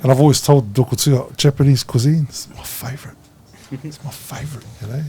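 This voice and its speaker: A man's voice: mid-range voice, a little fast, dark tone, slight background noise. A man with a New Zealand accent hosting a podcast, joking and laughing as he chats with his guests. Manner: jokey, laughing, calls guests bro. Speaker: podcast host. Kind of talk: casual chat.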